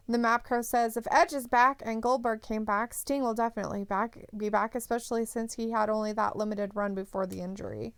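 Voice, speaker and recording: A woman's voice: on the high side, steady tone, a little fast, clean tone, dry recording. A woman co-hosting a live stream in casual chat, laughing often as she reads viewer comments aloud.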